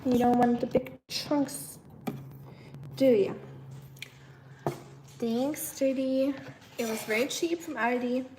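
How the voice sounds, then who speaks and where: A woman hosting a casual live cooking stream, chatting with viewers in a relaxed way. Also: sits high, takes it slowly, pauses often, background noise. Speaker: livestream cooking host.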